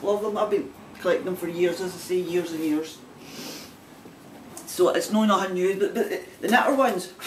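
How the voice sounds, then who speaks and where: A chatty Scottish woman rambles cheerfully as she shows off her knitting finds. She sits back from the mic in a roomy space, with a faint hum of background noise. Her pitch sits mid-range for a woman. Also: distant mic. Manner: chatty and rambling, with frequent laughs. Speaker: knitting vlogger. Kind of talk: casual chat showing items to camera.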